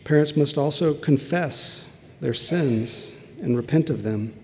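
A man's voice: a little high, a little slow, a little hiss or hum. A middle-aged man preaching a sermon as a pastor, telling an earnest, confessional story from his own family life. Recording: long hall reverb.

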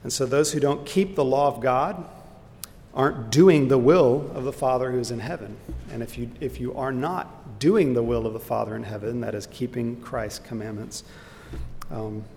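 Man leading a church Bible class, mid-pitched, earnest and explanatory, echoey hall with faint background rumble. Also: darkish tone. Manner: earnest, explanatory, with fillers and restarts. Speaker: Bible teacher. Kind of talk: Bible study lesson.

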